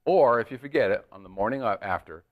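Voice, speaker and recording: A man's voice: on the low side, animated, fast talker, narrow, tinny audio. A man, the show's producer sitting in as guest, teasing the host and rambling through stories in a casual late-night chat. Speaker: show producer and stand-in guest. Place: studio.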